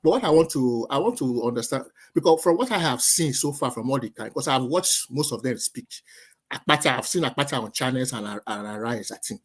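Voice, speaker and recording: A man on a call talks fast and stumbles over his words, repeating himself as he argues his point. His voice sits a bit high and husky, swinging widely in pitch. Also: expressive. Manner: repetitive, stammering restarts. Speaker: caller. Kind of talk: casual debate.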